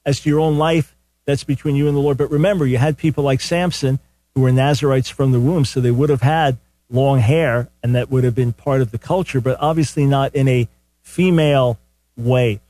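Older man, call-in radio host, mid-pitched, earnest, restarts his sentences, dry booth mic. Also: fairly even intonation, normal speed, dark tone, dry recording. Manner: earnest, conversational, repeats words when starting sentences. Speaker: radio talk show host. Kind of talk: call-in radio Bible teaching. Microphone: studio microphone.

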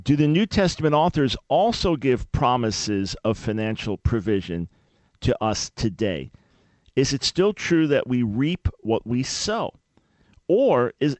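A radio talk show host runs a call-in show, speaking earnestly and emphatically into a studio microphone. His voice is medium-pitched, with no room sound.

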